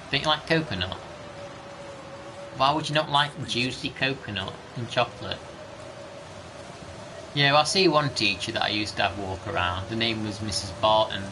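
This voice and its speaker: A man, rambling chattily through gameplay commentary with casual mild swearing. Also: mid-range voice. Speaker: gaming streamer. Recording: background noise.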